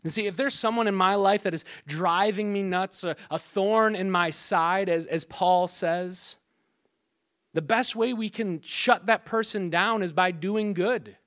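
A man's voice: high-pitched, measured pace, a bit bright. A middle-aged man preaching as pastor in a conversational way, joking asides and acting out quarrels, often repeating and restarting words. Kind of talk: sermon.

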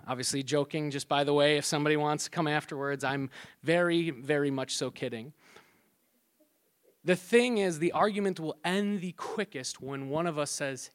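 A man's voice: a little high, moderate pace, a bit bright. A middle-aged man preaching as pastor in a conversational way, joking asides and acting out quarrels, often repeating and restarting words. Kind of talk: sermon.

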